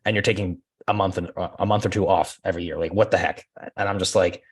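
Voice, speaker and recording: A man guest on a podcast, talking casually and laughing often, acting out conversations in lively quoted voices. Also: low-pitched, quick pace, breathy edge. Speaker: podcast guest, real estate agent. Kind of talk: casual interview chat.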